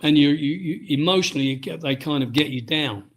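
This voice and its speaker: A man's voice: on the high side, a little fast. A middle-aged man from Britain, a ski instructor and author, talking casually in an interview and often restarting his sentences. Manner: rambling, frequent restarts and "um"s.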